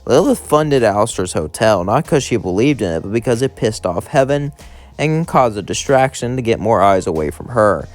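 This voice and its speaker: Low-voiced male fan-story narrator. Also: lively intonation, normal speed. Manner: chains clauses with "as" and "would".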